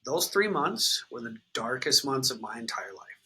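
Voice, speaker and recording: A man's voice: mid-range voice, sing-song, normal speed, bright, forceful tone, breathy edge, poor audio. A man, candidly telling his recovery story in an interview, swearing freely and filling with "like" and "um". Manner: raw, unfiltered, swears freely, many fillers like "like" and "um".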